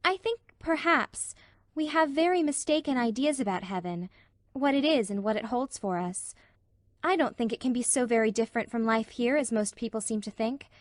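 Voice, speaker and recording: A gentle, thoughtful young woman, as a woman narrator voices her soothes a frightened friend in an audiobook. She speaks hesitantly and tenderly in a high, lifted voice. The recording is dry and close. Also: normal speed, no echo, natural voice. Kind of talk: audiobook character reading.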